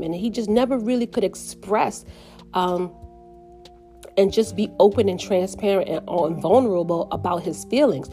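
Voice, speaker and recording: Earnest woman with a mellow voice. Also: medium pitch, faint music behind. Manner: earnest, reflective, slows down on painful parts. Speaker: mother sharing her story. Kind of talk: personal reflective monologue.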